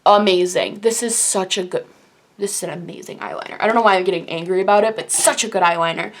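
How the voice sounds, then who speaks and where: A young woman casually reviewing the makeup she loves, gushing in quick, animated bursts of enthusiasm. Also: medium pitch. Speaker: beauty YouTuber.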